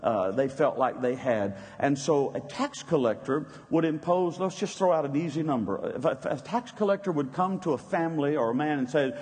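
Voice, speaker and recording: A man's voice: fairly high pitch, moderate pace, few pauses, darkish tone. A man preaching a sermon in a conversational storytelling way, with restarts and asides. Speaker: pastor. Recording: long reverb.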